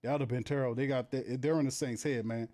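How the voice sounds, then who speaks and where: Laughing, fired-up sports watch-party host. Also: male voice, medium pitch, fast. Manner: animated, laughing, reads chat aloud, play-by-play. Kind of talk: casual live game commentary.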